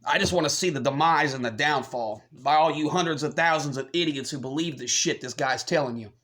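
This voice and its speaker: A man's voice: a little high, fairly quick, a bit bright. A man from the United States delivers a combative rant to his channel's viewers, packed with swearing. He sounds scornful and confrontational the whole way through. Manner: combative, profane, scornful ranting. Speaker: channel host. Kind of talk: ranting commentary.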